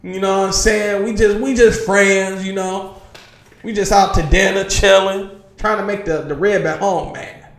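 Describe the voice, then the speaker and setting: High-voiced man preaching emphatically. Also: steady tone, moderate pace, a bit bright, reverberant. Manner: emphatic, constantly asks "you understand?" and says "man". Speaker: religious class teacher. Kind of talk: preaching lecture to a streamed class. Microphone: livestream computer mic.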